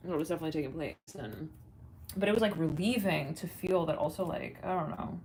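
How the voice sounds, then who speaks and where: A woman's voice: deep voice, fast talker, darkish tone, a little hiss or hum. A young woman hosting a casual livestream, rambling, laughing often and singing bits of songs. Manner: giggly, rambling, sings snatches of songs. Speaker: livestream host.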